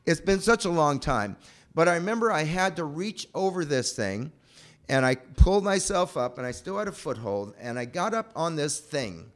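A man telling a personal story aloud in an animated, breathless way. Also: a little high, moderate pace. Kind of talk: personal anecdote told aloud.

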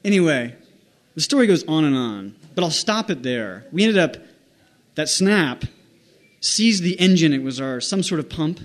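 A man's voice: on the high side, big pitch swings, normal speed. A man telling a rambling, self-mocking story in casual speech, with restarts and little quoted voices. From United States. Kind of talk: casual spoken anecdote.

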